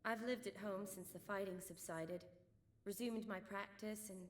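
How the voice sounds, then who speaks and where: An actress playing a composed young female doctor in a video game, measured and precise in her speech. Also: mid-range voice, steady tone, lightly acted.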